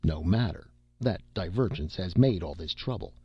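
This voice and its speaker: A man voicing a stern, deliberate male head clerk at the gates of heaven, speaking briskly and with questions. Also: low-pitched, expressive, breathy edge, muffled recording.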